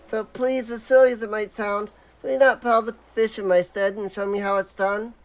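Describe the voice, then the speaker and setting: A man's voice: sits high, flat delivery, a little fast, clean tone, voice pushed up. A man voicing a shy young male elephant-like fisherman who talks in a timid, polite, nervous way, reading game dialogue aloud. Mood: hopeful.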